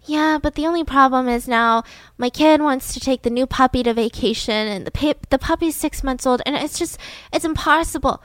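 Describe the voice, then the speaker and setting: A woman's voice: sits high, normal speed, a bit bright, no echo. A woman voicing an overwhelmed, distracted young mother who talks in a weary, rambling way.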